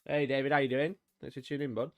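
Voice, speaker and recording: A man's voice: mid-range voice, little pitch movement, racing, no room sound, soft background music. Chatty British man hosting a live stream. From United Kingdom. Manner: chatty, jokey, greets chat by name. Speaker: livestream host painting miniatures. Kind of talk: casual live-stream chat.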